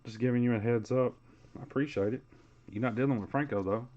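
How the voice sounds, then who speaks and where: A man's voice: medium pitch, fast talker, highs cut off. Chatty man calling a card break. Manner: casual, chatty, calls out player names. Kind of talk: live card break commentary.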